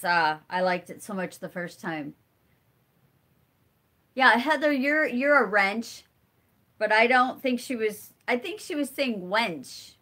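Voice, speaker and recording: A woman's voice: medium pitch, pushed and bright. A middle-aged woman with a stuffy nose hosts a casual live stream, chatting and answering viewer comments as they come in. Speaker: homesteading channel host.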